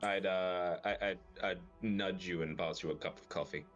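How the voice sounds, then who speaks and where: A man playing a tabletop game in character, speaking in a measured, dry way with pauses. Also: low-pitched, fairly even intonation, highs cut off, soft background music. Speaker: player.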